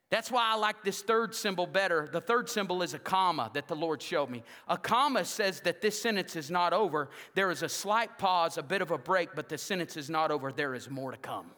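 A male pastor preaching a sermon in a church, rousing the congregation, then dropping to a hushed, intimate tone. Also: fairly high pitch, expressive, moderate pace, long reverb tail. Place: church sanctuary.

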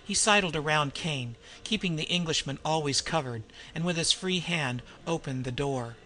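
A man's voice: fairly high pitch, normal speed, pushed and bright, low-quality recording. Man reading an adventure audiobook. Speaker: narrator.

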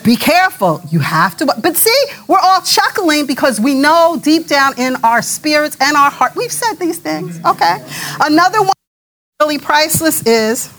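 A woman's voice: high voice, sing-song, moderate pace, fairly bright tone. A middle-aged woman preaching a sermon in a conversational way, with quoted asides and laughter.

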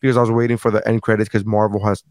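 A man's voice: lowish voice, level tone, rapid-fire, dry recording, studio quality. Rambling, profane man hosting. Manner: rambling, profane, self-deprecating. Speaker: podcast host. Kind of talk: casual chat.

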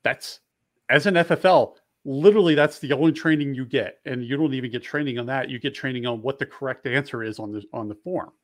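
A man's voice: mid-range voice, brisk, no echo, studio quality. A man who is a firearms dealer, talking in a casual, rambling way in a podcast conversation and often correcting himself.

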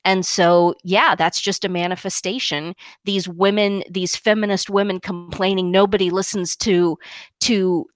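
A woman's voice: lowish voice, fairly even intonation, unhurried, dry recording. Woman, podcast co-host, firm declarative delivery, opinionated commentary, dry close sound. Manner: emphatic, declarative, downward-inflected statements.

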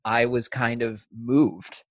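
A man's voice: medium pitch, flat delivery, slow pace, no echo. Chatty man in a dry close room. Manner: chatty, swears, laughs easily. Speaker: podcast co-host. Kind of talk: casual film discussion.

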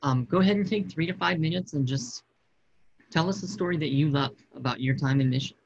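A man's voice: fairly high pitch, fairly quick, creaky, breathy edge, dull audio. A man hosting a podcast, asking casual interview questions in a friendly, upbeat way. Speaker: podcast host.

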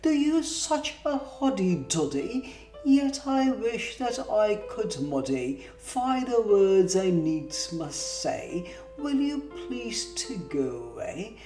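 Brief: woman voicing a prim, kind but firm lady, animated sing-song verse, echoey distant mic, guitar behind. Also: mid-range voice, slow, pitched above the performer's own voice. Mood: firmly kind.

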